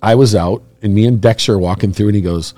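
A man's voice: fairly low pitch, fast, dark tone, no echo. A man in casual conversation, reminiscing in a chatty way with frequent laughs.

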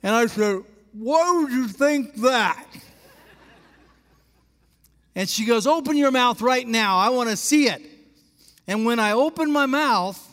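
A male pastor from Alaska telling a story in a sermon. He is animated and asks the congregation questions. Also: high-pitched. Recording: long hall reverb.

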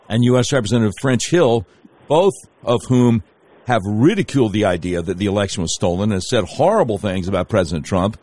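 A man's voice: on the low side, darkish tone. A man who is a guest on the show, talking casually and at length, telling a story with many fillers and hesitations. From Arkansas. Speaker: guest, candidate for governor. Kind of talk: casual interview talk.

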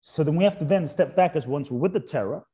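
Mellow-voiced man, lively reflective questioning. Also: on the high side. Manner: poses repeated rhetorical questions; drops soft and slow on key points. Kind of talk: reflective spiritual conversation.

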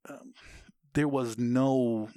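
An American veteran tells war stories in conversation extremely slowly, his mid-range voice steady in tone and dark. He's blunt and swears, rambling through restarts and frequent "you know" fillers. Clean studio sound, with no room sound.

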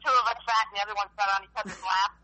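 A woman's voice: medium pitch, steady tone, rapid-fire, sharp tone, low-quality recording. A woman with an East Coast US accent calling in over the phone, chatting and telling rambling stories. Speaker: caller. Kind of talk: casual chat. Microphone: phone line over speaker.

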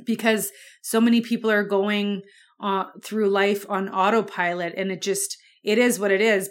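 A young woman hosting a podcast, telling a personal story in a candid, conversational way, with fillers and the odd curse. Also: mid-range voice. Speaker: podcast host.

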